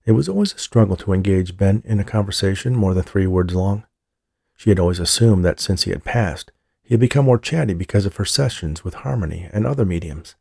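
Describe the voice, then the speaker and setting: A man reading a novel aloud as an audiobook narrator, in a steady, measured way. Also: sits low, gravelly, slightly rough, no echo, studio quality. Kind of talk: scripted narration.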